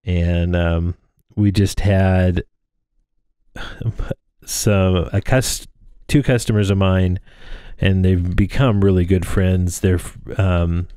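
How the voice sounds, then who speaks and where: A man's voice: deep voice, fairly even intonation, takes it slowly, warm tone, smooth, no room sound, studio quality. A man in his thirties talking casually through a drone frame build, rambling with plenty of fillers and restarts. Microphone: close microphone in front of him.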